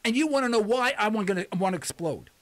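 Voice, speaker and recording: A man's voice: sits high, expressive, fast talker. A man hosting a political call-in radio show, talking in an impassioned, agitated, preachy way. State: agitated, shouting. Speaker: radio talk show host.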